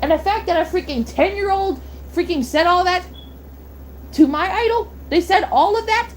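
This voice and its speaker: Young woman streamer, worked-up rant, high voice, bit of hiss behind. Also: normal speed. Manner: heated, blunt, swearing, repeats itself. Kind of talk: angry rant on a live stream.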